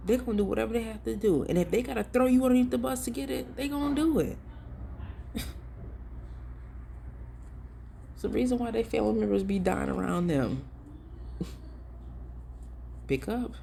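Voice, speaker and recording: Gravelly-voiced, earnest ministry vlogger. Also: mid-range voice, fast, hardly any pauses, mellow, slight background noise. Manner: earnest, emphatic, pleading; casual and direct, addressing viewers as y'all. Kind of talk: preachy vlog commentary.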